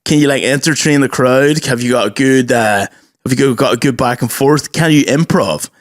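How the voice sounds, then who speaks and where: A man's voice: medium pitch, normal speed. Rambling jokey man, podcast banter. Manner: rambling, jokey, riffs on ideas. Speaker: podcast co-host. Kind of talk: casual banter.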